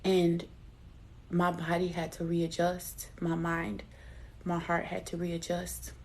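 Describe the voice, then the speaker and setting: A woman's voice: lowish voice, completely flat delivery, takes it slowly, slight background noise. A middle-aged woman giving a live spiritual reading in a personal, chatty way. She laughs at herself and calls her listeners baby. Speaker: intuitive card reader.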